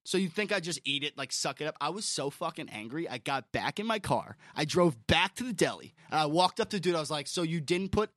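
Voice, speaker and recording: A young man tells an animated story on a podcast, cursing and restarting as he gets worked up. He is getting over the flu and sounds a little sweaty. His voice sits a bit high and is recorded close and dry. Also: no echo. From Long Island. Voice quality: animated storyteller, swears often, quick restarts. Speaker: podcast co-host. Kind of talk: casual chat.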